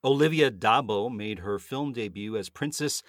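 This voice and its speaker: A man's voice: on the low side, moderate pace, fairly bright tone, no echo, clean studio sound. A middle-aged man co-hosting a show, reading celebrity birthday notes in a friendly, chatty way with personal asides. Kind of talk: scripted entertainment segment with banter.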